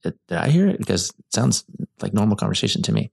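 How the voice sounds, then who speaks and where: Man, podcast co-host, therapist, low voice, animated storyteller. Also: quick pace, creaky, slightly rough. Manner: animated storyteller, acts out quoted lines. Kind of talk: casual podcast chat.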